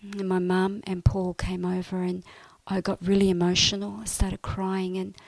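A woman telling her personal faith testimony in an earnest, emotional way, often dropping to a soft, breathy voice. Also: on the low side, monotone, moderate pace, dry recording.

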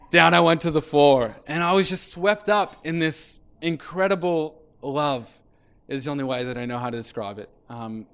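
Man telling his faith story, fairly high voice. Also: clear, resonant tone. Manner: conversational, many fillers, acts out quoted lines. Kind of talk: personal testimony storytelling.

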